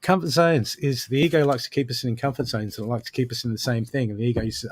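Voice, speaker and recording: A man's voice: mid-range voice, fairly even intonation, fast talker, slightly rough. A man doing a live oracle card reading, coaching the listener directly and punctuating his advice with frequent "okay"s. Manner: coaching, repeats "okay" often; addresses the listener directly with pep-talk advice. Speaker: intuitive card reader.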